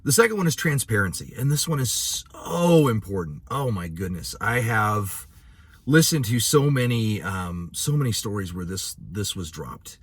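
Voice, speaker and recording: A man's voice: lowish voice, very animated, normal speed, husky, dry recording. A male midwife giving an educational talk, telling a painful story from his work in an earnest, emotional way and often saying "you know". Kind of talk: educational talk with personal stories.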